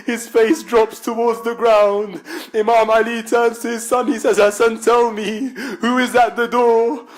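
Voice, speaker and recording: A British man delivers a memorial sermon, telling the story through quoted dialogue. His voice sits high for a man, and at moments the telling swells into a near-chanted, emotional recital. He speaks as the speaker at a gathering in a religious centre. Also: level tone, a little slow.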